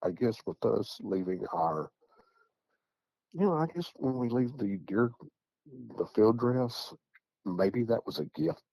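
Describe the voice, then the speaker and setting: A man's voice: on the low side, expressive, slow pace, long pauses, warm tone, no room sound, poor audio. A man telling a story in casual, rambling fashion, often repeating words as he goes. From Tennessee. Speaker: eyewitness guest.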